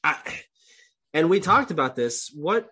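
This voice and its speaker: A man's voice: on the high side, very animated, a little slow, sharp tone. Young male co-host, stuffed up, blunt and profane. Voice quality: swears freely, clears throat often. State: congested, coughing. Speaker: podcast co-host. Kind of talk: casual chat.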